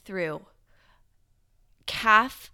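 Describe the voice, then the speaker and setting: Smooth-voiced woman telling a story. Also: medium pitch, extremely slow. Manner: animated, rambling storyteller with lots of "like". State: slightly nasal from morning. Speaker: podcast co-host. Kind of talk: casual storytelling chat.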